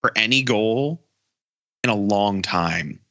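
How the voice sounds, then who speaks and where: A man co-hosting a sports podcast, talking in excited casual chat with frequent stammered restarts. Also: on the low side, slow pace, highs cut off. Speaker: podcast co-host.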